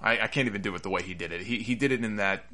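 A man hosting a casual wrestling review, talking in a chatty, animated way and laughing at the absurd moments. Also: lowish voice, racing. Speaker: wrestling podcast host.

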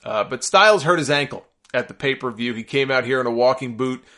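A man hosts a solo podcast, running through the week in a bright, forceful voice. He is opinionated and sarcastic, and he gets exasperated and worked up along the way. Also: mid-range voice, fairly quick. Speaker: podcast host.

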